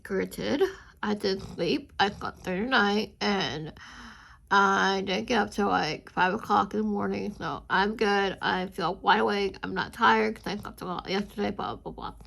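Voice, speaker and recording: A woman chatting casually with viewers while she inks a drawing, rambling and chatty, with a high squeaky voice. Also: a little slow, gravelly, fairly bright tone. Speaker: art channel host.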